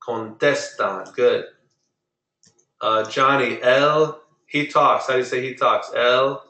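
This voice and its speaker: A man's voice: medium pitch, fairly even intonation, slow, sharp tone, reverberant, rough recording. A man teaching a Spanish class online, drilling verb forms and correcting pronunciation patiently. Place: online video meeting.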